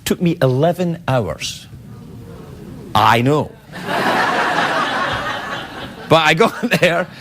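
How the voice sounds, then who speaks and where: A man's voice: a little high, expressive, very slow, long pauses. A man hosting a late-night talk show, rambling through a comic monologue and viewer emails with self-mocking jokes, recorded in a TV studio. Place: TV studio with live audience. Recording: loud studio audience laughter and noise.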